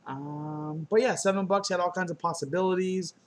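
A man with a fairly high voice chats casually through an unboxing, loose and joking, tossing in profane asides and silly noises. He talks into a laptop camera indoors, and a faint hiss sits under the audio. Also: fairly even intonation, moderate pace. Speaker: unboxing vlogger.

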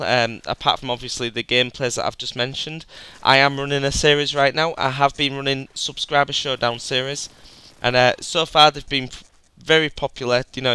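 Bright, crisp gaming host. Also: male voice, mid-range voice, dry recording. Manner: chatty, rambling, says "guys" often. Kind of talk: gameplay voice-over commentary.

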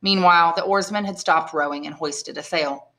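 A woman, an English teacher, reading a classic novel aloud in clear, measured narration. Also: fairly low pitch, sharp tone. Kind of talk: audiobook reading.

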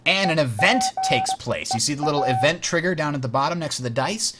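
A man's voice: on the high side, animated, fast, very noisy. A man hosting a game tutorial, explaining rules step by step while playing, correcting himself with frequent fillers. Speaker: host teaching a board game.

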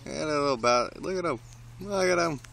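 A man casually filming outdoors, talking excitedly to birds and swearing often. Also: fairly high pitch, fairly quick, vocal fry. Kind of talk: casual vlog narration.

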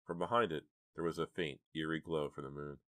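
A man narrating a horror audiobook in a steady, measured way. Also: a bass voice, dry recording, clean studio sound.

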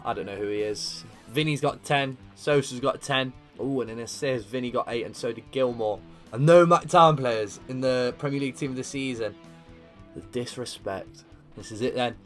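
A young man commenting live on his own football video game career, dry one moment and yelling at big chances the next. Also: medium pitch, moderate pace, soft background music. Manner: excitable, shouting at big moments, dry asides. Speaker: gaming YouTuber.

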